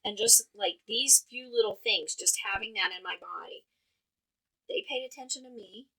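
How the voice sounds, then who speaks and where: Bright-voiced mother explaining a tool. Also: mid-range voice, moderate pace, creaky, husky, low-quality recording. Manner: explanatory, thinks aloud with fillers. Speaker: podcast co-host and mother. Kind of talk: casual advice chat.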